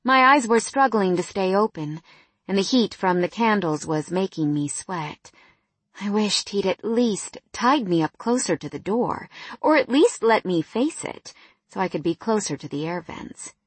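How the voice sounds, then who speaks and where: A woman's voice: medium pitch, lively intonation, measured pace, slightly rough, no echo. A woman narrating a first-person novel in a wry, candid tone.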